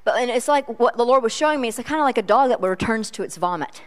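A woman's voice: on the high side, expressive, fast talker. A middle-aged woman preaching a sermon in a chatty, self-deprecating storytelling way.

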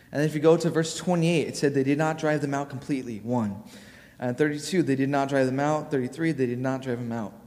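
A man's voice: medium pitch, darkish tone. A young man giving a casual youth sermon, informal and full of fillers as he tells a personal story. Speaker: youth preacher. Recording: long hall reverb.

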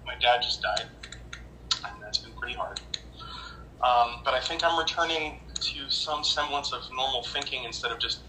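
A man's voice: medium pitch, sharp tone, roomy sound, a little hiss or hum, low-quality recording. Hesitant man sharing over a video call. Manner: halting, full of fillers and restarts, grows heated. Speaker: recovery meeting member sharing. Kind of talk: candid personal share at a support meeting.

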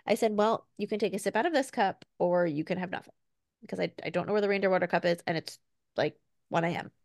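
Brief: fast, lively woman podcast co-host with a gravelly edge, dry close sound. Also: on the low side, dry recording. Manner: animated storyteller, acts out her toddler's voice. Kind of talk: casual chat.

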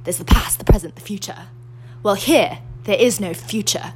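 A young woman putting on a deliberately rough British accent, playing a solemn princess in a hushed voice. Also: mid-range voice, faint music behind, close to an everyday voice, poor audio. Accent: put-on British.

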